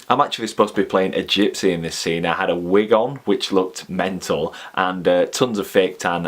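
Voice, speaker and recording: Deep-voiced Yorkshire man, jokey chat. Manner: chatty, jokey, laughs often. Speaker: YouTube host. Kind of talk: casual chat.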